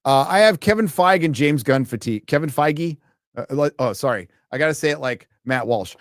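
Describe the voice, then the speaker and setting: A man's voice: medium pitch, lively intonation, brisk, no room sound, studio quality. A man hosting a live stream, ranting in sarcastic, profane, combative commentary.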